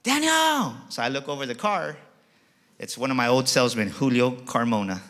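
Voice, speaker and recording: A man's voice: medium pitch, a little fast, fairly bright tone. A middle-aged man giving a passionate motivational keynote as emcee, telling a personal story with emphasis. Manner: passionate, emphatic, acts out quoted voices. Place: auditorium stage.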